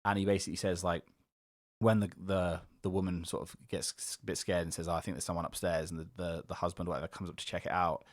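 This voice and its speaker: A man co-hosting a casual podcast, rambling through an animated retelling full of fillers and swearing. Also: low voice, fast talker, no echo, studio quality. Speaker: podcast co-host. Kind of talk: casual chat.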